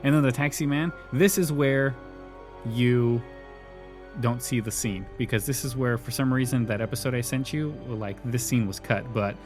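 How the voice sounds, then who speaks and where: A man's voice: mid-range voice, over music. Laughing male podcast host recapping a show. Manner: retells scenes with quick acted quotes, laughs often. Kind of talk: casual recap chat.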